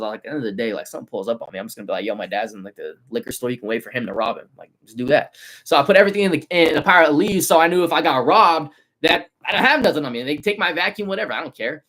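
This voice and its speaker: A man in his twenties from the San Francisco Bay Area. He runs a car detailing business and talks through a casual livestream in loose, slangy, animated street talk. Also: on the high side, rapid-fire.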